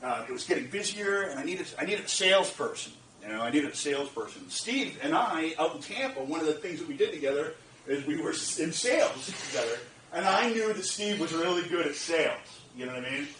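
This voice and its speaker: A man telling a lively story to a lecture audience, laughing, repeating phrases and checking in with the listeners. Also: fairly high pitch, fairly quick, a little hiss or hum. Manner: animated, laughing, repeats phrases, asks the audience "you get what I'm saying?". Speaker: speaker at a lecture event. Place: lecture room. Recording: roomy, distant from the mic, faint ambience.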